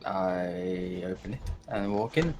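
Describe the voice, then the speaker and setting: A man playing a tabletop role-play game, talking in a deliberate, in-character way. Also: deep voice, very noisy. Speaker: player.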